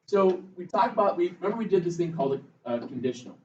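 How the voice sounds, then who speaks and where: A man's voice: sits high, animated, fast talker, far from the mic, slight background noise. A male math teacher, giving a casual, chatty classroom lecture and telling stories to his students. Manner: conversational, tells stories to the class. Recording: roomy classroom, voice from afar, dull sound.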